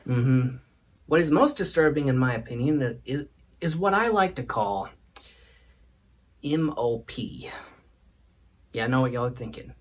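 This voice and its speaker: A man's voice: medium pitch, lively intonation, a little slow, long pauses. A man hosting a comedic monologue, teasing and playful in his delivery. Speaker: host.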